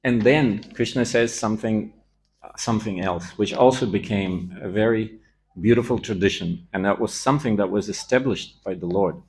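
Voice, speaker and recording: A man's voice: lowish voice, normal speed, darkish tone. A man giving a scripture class in a temple, telling the story with animation and acting out the quoted lines.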